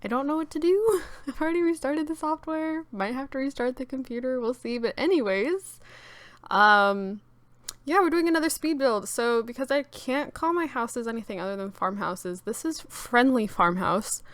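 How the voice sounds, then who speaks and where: A woman's voice: sits high, normal speed, no room sound. A young woman with a cracking morning voice, rambling casually with many fillers as she talks over her game build video. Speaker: YouTube gaming creator.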